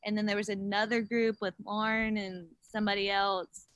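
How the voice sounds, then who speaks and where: Animated woman telling a race story. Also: mid-range voice, moderate pace, clean tone, no room sound. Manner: animated storyteller, acts out quotes, fillers. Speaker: guest, gravel bike racer. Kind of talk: casual podcast chat.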